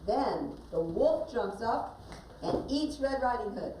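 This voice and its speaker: A woman's voice: on the high side, animated, slow pace, mellow. A woman teacher narrating a story for her pupils to act out and giving them directions as she goes. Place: classroom. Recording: distant, echoey classroom with background noise.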